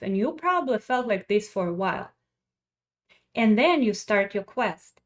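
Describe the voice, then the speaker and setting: A woman's voice: on the high side, normal speed. Blunt profane woman coach. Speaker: wellness coach. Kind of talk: motivational monologue.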